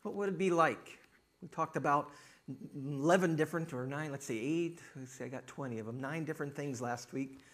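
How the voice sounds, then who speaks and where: A middle-aged male pastor preaching a sermon, telling a joke story and reading scripture with rising emphasis. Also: medium pitch.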